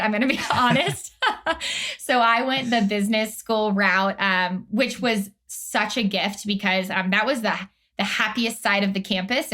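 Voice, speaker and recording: A woman's voice: medium pitch, a bit bright. A young adult woman from Atlanta, talking as an interview guest in an upbeat, chatty way full of fillers. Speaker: guest, career strategist. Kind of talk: casual interview chat.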